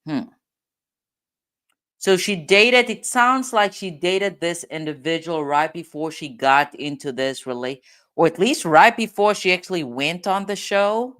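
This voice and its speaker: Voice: medium pitch, measured pace, a bit bright, clear, resonant tone. A host giving casual commentary, thinking aloud and laughing often.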